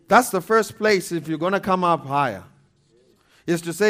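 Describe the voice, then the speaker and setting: A pastor preaching a sermon, animated and emphatic, repeating scripture references and laughing between points. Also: male voice, high voice, normal speed.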